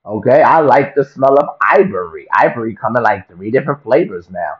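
A man delivers a profane, comic vlog rant, circling back on the same lines for effect. His pitch swings widely as he talks. The recording sounds dull and lo-fi. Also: brisk. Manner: profane, animated, repetitive rant. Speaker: vlogger. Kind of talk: comedic rant to camera.

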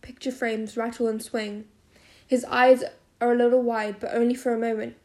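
A woman narrating a first-person novel as an audiobook, in a steady storytelling manner. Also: fairly high pitch, moderate pace.

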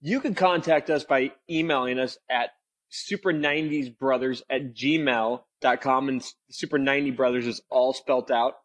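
A man's voice: medium pitch, steady tone, moderate pace. A young man hosting a casual podcast, easygoing, with lots of "like" and "um". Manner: easygoing, filler-heavy, mildly disapproving. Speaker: podcast host.

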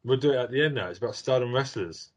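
Give me a teasing man in casual podcast chat, lots of pitch movement. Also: expressive, quick pace. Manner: teasing, interrupting, swears. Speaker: podcast co-host.

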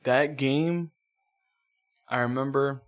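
A man chatting casually as a co-host and spinning long, rambling stories. He swears freely and laughs through his own tales. His voice sits at an ordinary middle pitch. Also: steady tone, takes it slowly. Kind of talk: casual chat.

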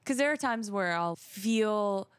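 A young woman co-hosting a casual podcast, trading dry, teasing jokes in an easy middle-pitched voice. Her voice is close and dry, with no room sound. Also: expressive, slow pace, smooth, dry recording. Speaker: podcast co-host. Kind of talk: casual chat.

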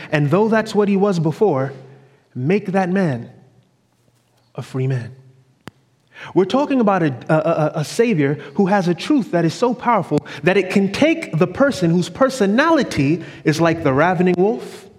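A somewhat high-pitched man preaching with fervent conviction, his voice swelling and then dropping to a hush. The sound carries the long reverb of a church sanctuary, giving every pause a lingering tail. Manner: fervent, sweeping rises and drops in loudness. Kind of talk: evening sermon.

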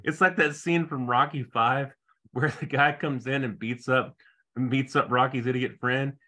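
A man's voice: medium pitch, fairly even intonation, moderate pace, sharp tone. A man co-hosting a casual podcast, cracking sarcastic jokes and mocking the plot. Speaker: podcast co-host. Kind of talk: casual episode recap chat.

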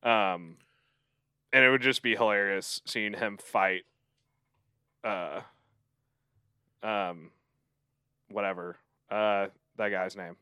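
A man's voice: fairly low pitch, fairly even intonation, slow, long pauses, sharp tone, smooth, no echo, studio quality. A man on a podcast talking casually, rambling and hesitant with lots of ums. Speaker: podcast co-host. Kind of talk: casual chat.

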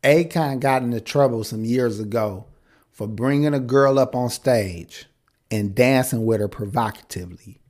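A man's voice: mid-range voice, normal speed, a little mellow. A man co-hosting a podcast in casual chat, blunt and crude, often laughing as he riffs. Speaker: podcast co-host.

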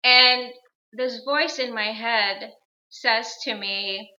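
A woman's voice: a little high, very slow, pushed and bright, highs cut off. A woman in her thirties, a guest on an interview show, telling a personal story in an earnest, reflective way and repeating phrases for emphasis.

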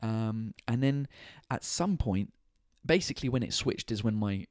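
A man's voice: on the low side, expressive, unhurried, a little mellow, dry recording, studio quality. A tired man, hosting his own podcast and livestream from his kitchen, rambling casually and swearing freely. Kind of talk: casual chat. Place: home kitchen at night.

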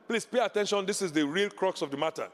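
A man with a high voice preaching a sermon in a reverberant hall. He is emphatic and repeats his key lines over and over, climbing into loud exclamations. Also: fast talker. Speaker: pastor.

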